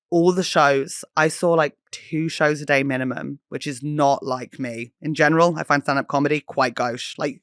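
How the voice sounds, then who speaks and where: An English woman in her thirties hosting a solo podcast, telling stories in an animated, chatty way, swearing freely and mimicking people. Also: on the low side, no echo, studio quality. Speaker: podcast host.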